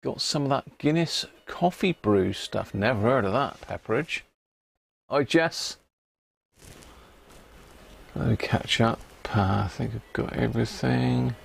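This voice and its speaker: A man's voice: mid-range voice, animated, unhurried, gravelly, pauses often, slightly rough. A man hosting a casual live stream, chatting with viewers and reading labels aloud with little chuckles. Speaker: livestream host.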